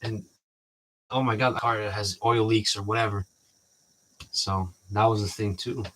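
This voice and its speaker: Speaking at a measured pace in a steady, lowish voice with a touch of brightness, this vlogger chats loosely with his audience. His talk wanders, he often starts sentences over, and he plays out the exchanges people had with him.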